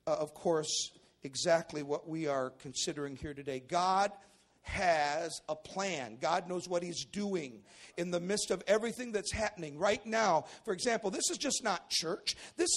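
A man, a pastor preaching a sermon in a church service, who swings from quiet asides to shouted exclamations and often repeats and restarts his words. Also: sits high. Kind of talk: sermon with Bible reading.

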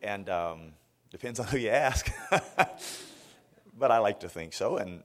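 A man's voice: fairly low pitch, unhurried. A man from Florida preaching a sermon as a guest preacher, telling stories with lots of restarts. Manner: animated storytelling with frequent restarts.

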